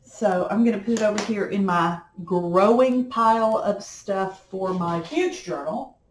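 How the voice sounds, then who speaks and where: A woman's voice: medium pitch, a little slow, slight background noise. A middle-aged woman, chatting in a folksy, rambling way while she works on a craft project at home. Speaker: crafting vlogger. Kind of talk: casual chat while crafting. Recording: echoey room.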